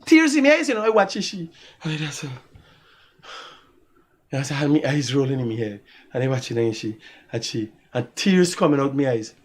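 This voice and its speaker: A man's voice: medium pitch, normal speed, long pauses. A man with a Guyanese accent hosting a live talk show, telling stories casually and laughing often. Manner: animated storytelling with frequent laughter.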